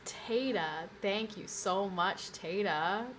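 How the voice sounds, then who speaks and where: A woman's voice: medium pitch, slow, a little hiss or hum. Chatty woman streamer with a stuffy nose. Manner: chatty and rambling, repeats phrases. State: stuffy nose, sniffly from a cold. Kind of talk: casual live-stream chat. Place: at home.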